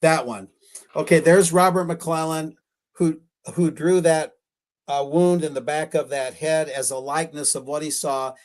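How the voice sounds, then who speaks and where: A man's voice: on the high side, steady tone, measured pace, darkish tone. Rambling, hesitant man on a radio stream. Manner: rambling, hesitant, self-correcting with fillers. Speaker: guest researcher. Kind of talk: live-streamed radio interview talk.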